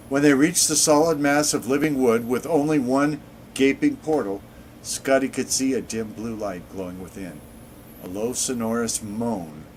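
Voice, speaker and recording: A man's voice: medium pitch, a little hiss or hum. A man in his sixties reading an in-game book aloud on his gaming channel, dropping in sarcastic asides.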